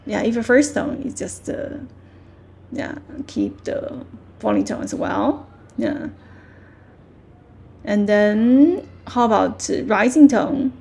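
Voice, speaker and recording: A woman with a Mandarin Chinese accent teaching a language lesson, patiently repeating words slowly with clear tones. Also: mid-range voice, darkish tone, a little hiss or hum.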